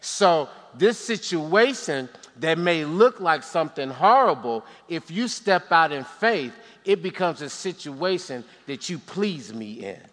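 A man preaching in a church sanctuary, his voice high and ringing bright. He calls on the congregation to answer back and drops playful asides between points. A long hall reverb trails every phrase. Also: expressive, a little slow, hardly any pauses. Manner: preaching with call-and-response and joking asides. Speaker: pastor. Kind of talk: sermon.

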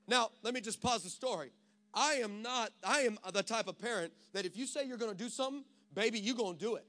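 A man's voice: high voice, fast talker, pushed and bright. A male pastor preaching a sermon in an emphatic, punchy way.

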